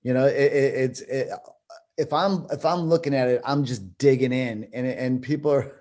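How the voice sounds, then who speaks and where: A man's voice: mid-range voice, moderate pace, dark tone. A man, a martial arts instructor, talking casually in a group conversation, restarting his sentences as he thinks aloud. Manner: rambling, repeats words while thinking aloud.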